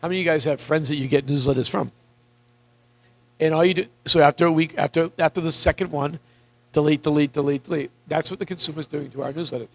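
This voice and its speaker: A man coaching real estate agents in a live seminar, energetic and repetitive, questioning the audience, with a voice that is wearing out. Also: a little high, quick pace, vocal fry, low-quality recording. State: losing his voice.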